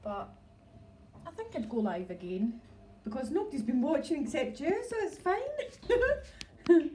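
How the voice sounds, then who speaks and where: A woman's voice: high-pitched, big pitch swings, a little slow, mellow, a little hiss or hum, poor audio. A middle-aged woman with a Scottish accent chatting on a home livestream, rambling and laughing often as she talks into a phone. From Scotland. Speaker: dog breeder livestreaming. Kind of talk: casual livestream chat. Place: home, indoors.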